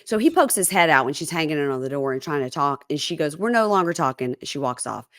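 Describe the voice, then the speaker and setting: A woman's voice: deep voice, quick pace, no room sound, studio quality. A woman hosting a podcast, chatting casually and acting out quoted lines as she recaps a reality show. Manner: animated storyteller, acts out quoted lines. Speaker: podcast host.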